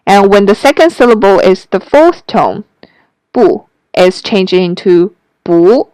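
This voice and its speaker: A woman teaching a Mandarin pronunciation lesson, taking her time over every word. Her voice is smooth and clear, and it is recorded dry and close, with no room sound. She models each syllable carefully for the listener to repeat. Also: mid-range voice, animated, a little slow, darkish tone, no room sound. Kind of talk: slow, careful language lesson narration.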